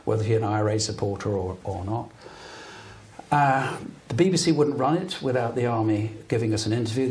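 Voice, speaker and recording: A man's voice: on the low side, darkish tone, slight background noise. An older man from Britain who tells stories earnestly and emphatically as a guest at a public talk. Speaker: guest broadcaster. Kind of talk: live public interview storytelling. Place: talk venue with an audience.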